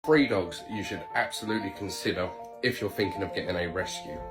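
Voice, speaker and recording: Blunt English dog trainer, music behind. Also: male voice, low voice, brisk, low-quality recording. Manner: blunt, direct, swears casually. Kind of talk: instructional tips to camera.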